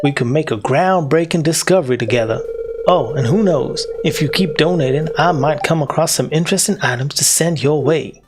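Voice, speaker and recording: A man voicing a bookish male museum curator in a put-on American Southern accent, slow and formal. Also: on the high side, close to an everyday voice. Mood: drawling, polite.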